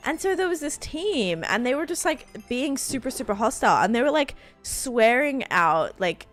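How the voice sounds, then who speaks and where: Bubbly excitable woman streamer, high voice. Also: normal speed, soft background music. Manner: excitable, gushing thanks to viewers; rambling storytelling with many fillers. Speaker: live streamer. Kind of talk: casual live-stream chat while gaming.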